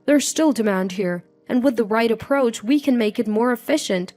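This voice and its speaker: A woman voicing a calm, composed young adult son who speaks firmly. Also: on the high side, moderate pace, soft background music, natural voice. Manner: calm and firm.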